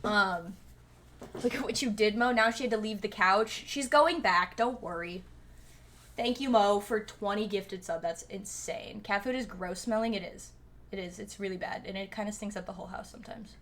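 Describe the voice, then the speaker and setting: Bright-voiced young woman streamer. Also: medium pitch, moderate pace, a little hiss or hum. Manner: chatty, thanks viewers and reads chat aloud. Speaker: livestreamer. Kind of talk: casual chat on a livestream.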